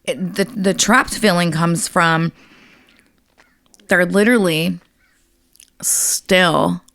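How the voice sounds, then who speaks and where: Woman, casual podcast co-host, blunt and profane, deep voice, gravelly fry. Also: fairly even intonation, takes it slowly, fairly bright tone, no echo. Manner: blunt, heavy swearing, venting.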